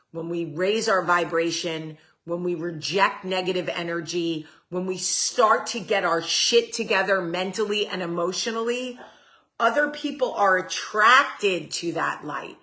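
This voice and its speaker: A woman hosts a relaxed livestream, talking to her viewers at an unhurried pace. Her voice is bright and forceful. She answers comments as they come in and lets the odd swear word slip. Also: on the low side. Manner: chatty, talks straight to viewers and reads their comments aloud; swears casually. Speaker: host. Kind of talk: casual livestream chat.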